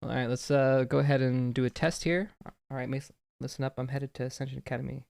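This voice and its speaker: A young adult streamer chatting live, excitable, jumping between mumbled asides and loud outbursts, with keyboard typing behind. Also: mid-range voice, fast talker, creaky, dry recording.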